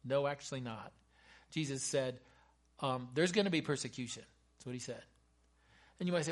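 A man's voice: medium pitch, moderate pace, pauses often. A man preaching a sermon with fervent emphasis, breaking into chatty asides to his congregation.

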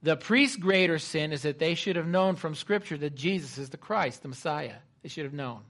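A male preacher delivering a sermon in a fairly high voice. He reads scripture aloud and acts out the quotes. He swings from loud, dramatic delivery to quiet, hushed tones. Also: moderate pace.

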